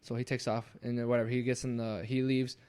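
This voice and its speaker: Young guy rattling off a ghost story on a podcast, quick, cussing, acts out his buddies. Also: mid-range voice, smooth. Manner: swears a lot, animated when acting out quotes. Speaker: podcast host. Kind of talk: casual storytelling.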